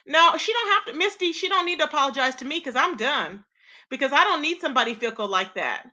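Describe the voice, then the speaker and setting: A woman's voice: high-pitched, lively intonation, fast, pushed and bright. A woman hosting a casual live stream, talking sassily and directly to her chat viewers, greeting them by name. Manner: sassy, talks straight to chat viewers. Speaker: livestream host.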